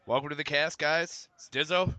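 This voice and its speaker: A man's voice: a little high, steady tone, moderate pace, sharp tone, dry recording. A man co-hosting a wrestling podcast, joking and laughing in casual chat. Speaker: podcast co-host.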